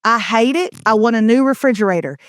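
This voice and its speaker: A middle-aged woman, co-hosting a casual chat show and telling stories with animated put-on voices. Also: fairly high pitch, a little fast, dry recording, clean studio sound. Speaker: podcast co-host.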